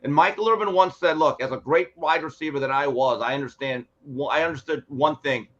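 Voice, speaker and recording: Animated man telling sports stories, muffled. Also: fairly high pitch, fairly quick. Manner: animated storyteller acting out quotes. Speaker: sports show guest. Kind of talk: casual sports talk, storytelling. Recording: muffled lo-fi sound.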